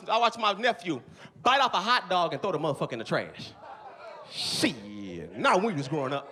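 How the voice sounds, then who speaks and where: Male comedian, live club stage, animated storytelling, lively pitch swings, quick delivery. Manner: loud, animated storytelling, swears a lot. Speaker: stand-up comedian. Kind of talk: stand-up comedy set.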